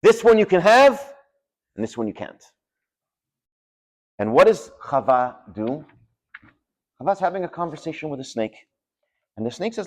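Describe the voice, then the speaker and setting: A man delivering a sermon as a rabbi, telling stories with dramatic drops to a near hush. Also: a little high, moderate pace, pauses often. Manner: animated storytelling with dramatic drops in volume. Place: synagogue study hall.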